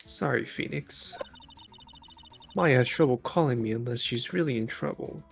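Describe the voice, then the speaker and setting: A man reading a calm woman mentor spirit. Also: mid-range voice, moderate pace, creaky, faint music behind, close to an everyday voice. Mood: reassuring. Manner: calm, reassuring. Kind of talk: reading game dialogue aloud.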